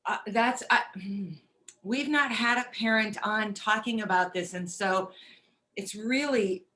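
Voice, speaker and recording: A woman's voice: mid-range voice, takes it slowly, pushed and bright. A woman hosting a casual chat, reflective and empathetic with her guest. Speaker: host.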